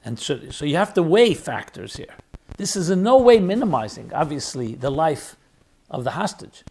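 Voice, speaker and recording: A man's voice: on the high side, very animated, moderate pace, vocal fry, a little mellow, slightly rough. A man, a rabbi and podcast host, gives an emphatic spoken lecture, repeating key words for stress and asking rhetorical questions. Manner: weighs arguments aloud, asking rhetorical questions.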